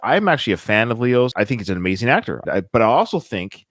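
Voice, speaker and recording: A man's voice: medium pitch, sing-song, quick pace, a bit bright, no room sound, studio quality. A man hosting a casual film podcast, talking with enthusiasm and reeling off lists of film titles. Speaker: podcast host.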